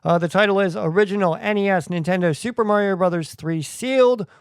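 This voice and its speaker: A man hosting a podcast in a chatty, joking way. His voice sits a little high and comes across smooth and clear. The sound is dry and close, with no room echo. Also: fairly even intonation, quick pace. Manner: chatty, jokey asides. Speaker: podcast host. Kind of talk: casual podcast talk.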